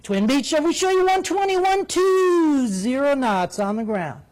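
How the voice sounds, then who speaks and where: A man imitating a male air traffic controller, reading out speeds in a smooth, sing-song radio manner. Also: very high-pitched, animated, measured pace, a little mellow, voice pushed up. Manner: smooth, formal radio delivery.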